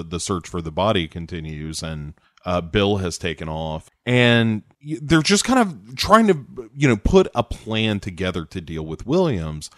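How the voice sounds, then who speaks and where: On a podcast, a man casually recaps a TV episode, acting out the characters' lines and swearing freely. His voice is fairly low, and the recording is clean studio sound with no room noise.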